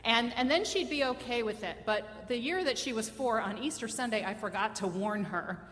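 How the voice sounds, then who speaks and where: A woman's voice: fairly high pitch, normal speed, fairly bright tone, big-room sound. A woman in her fifties telling a personal story live on stage, conversational, wry and self-mocking.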